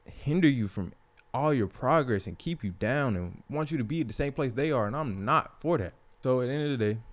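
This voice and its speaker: A young man tells a personal story in a loose, profane podcast monologue. He speaks at a middling pitch and gets animated when he quotes other people. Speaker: podcast host.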